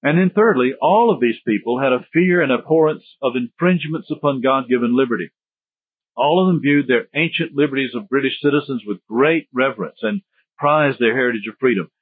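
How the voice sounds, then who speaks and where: A man's voice: medium pitch, slightly rough, no room sound. A man giving a history lecture in a conversational, digressive way with joking asides. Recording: tinny phone-like dry sound.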